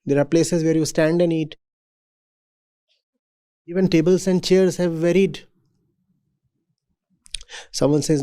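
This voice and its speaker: A man lecturing students in a measured, emphatic way and often asking rhetorical questions. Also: sits high, animated, warm tone. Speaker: spiritual teacher. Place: university event hall.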